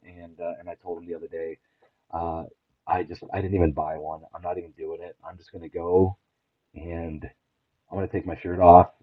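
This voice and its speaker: A middle-aged man with a very deep voice talks earnestly and haltingly, restarting his sentences often. His voice comes through a thin, phone-like line with no room sound at all. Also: dry recording. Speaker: podcast guest. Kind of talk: candid personal conversation. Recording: tinny phone-like line, dry.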